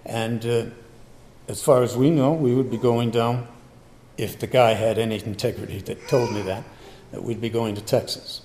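An older man telling a personal testimony in an unhurried way, acting out remembered conversations. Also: mid-range voice, steady tone, mellow, a little hiss or hum. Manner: unhurried, acts out remembered dialogue. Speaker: storyteller. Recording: long hall reverb, faint ambience.

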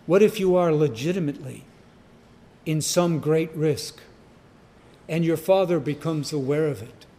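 A man delivers a sermon in a high-pitched voice, taking his time over every phrase. He repeats key words for emphasis and rises to sudden loud cries on the important lines. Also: unhurried. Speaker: preacher.

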